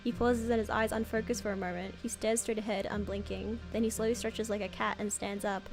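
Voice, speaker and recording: A woman streamer reading a story game aloud, excitable, with squeals and dramatic reactions. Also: mid-range voice, a little fast, hardly any pauses, faint music behind.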